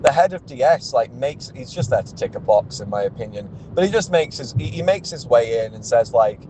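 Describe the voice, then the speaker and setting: A man's voice: medium pitch, expressive, fairly quick, noisy background. A young man, a car sales executive ranting in a vlog, exasperated and swearing often, with restarts as he goes.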